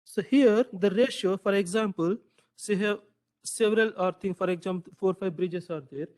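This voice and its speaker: A man gives a class lecture in a fairly high, slightly mellow voice at a moderate pace. He keeps testing his students, repeating what they answer and adding "right?" to his points, and his loose talk is full of "so."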